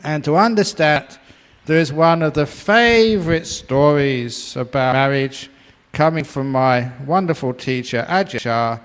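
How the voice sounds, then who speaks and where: Older English monk telling a playful story. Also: male voice, fairly high pitch, a little slow, clean tone. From England. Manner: playful, laughs often, acts out voices in stories. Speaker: meditation teacher. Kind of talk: dharma talk with storytelling. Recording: long reverb of a hall.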